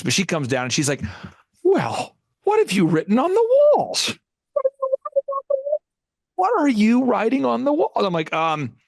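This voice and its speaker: Middle-aged man, host, motivational storytelling, slightly high voice, dry close sound. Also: no echo. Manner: animated, acts out voices in his stories.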